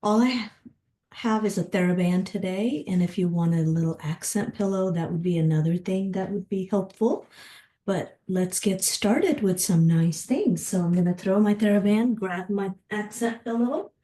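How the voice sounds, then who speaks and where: A woman teaching a Pilates mat class, calmly talking her students through breaths and gentle movements. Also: mid-range voice, normal speed. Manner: calm, encouraging, cueing breaths and movements. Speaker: Pilates instructor. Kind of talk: guided exercise class. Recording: roomy, from a distance.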